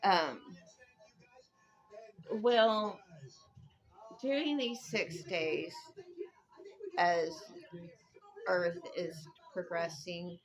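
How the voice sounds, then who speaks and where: A woman's voice: fairly low pitch, extremely slow, long pauses, soft background music, rough recording. A woman telling an old legend in a casual, rambling way, drifting off on tangents. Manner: rambling, conversational, drifts off track. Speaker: storyteller. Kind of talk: casual spoken storytelling.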